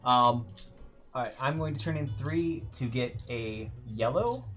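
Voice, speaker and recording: A woman's voice: very deep voice, a little slow, faint music behind. A woman from West Virginia co-hosting a board game stream, talking through each of her moves methodically. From West Virginia, USA. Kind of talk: casual chat while playing a board game.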